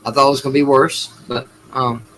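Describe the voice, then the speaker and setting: A man with a bright, forceful voice co-hosts a loose movie review chat. He jokes, leans on sarcasm and swears often. Faint noise sits under the recording. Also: mid-range voice, little pitch movement, fairly quick, rough recording. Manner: joking, sarcastic, swears freely. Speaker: podcast co-host.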